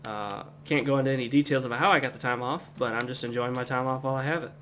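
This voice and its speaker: A young adult man from the United States giving relaxed, rambling commentary as he plays a game at home. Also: medium pitch, fast, slight background noise. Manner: relaxed, rambling, chatty asides. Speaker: gameplay commentator. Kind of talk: casual let's-play commentary.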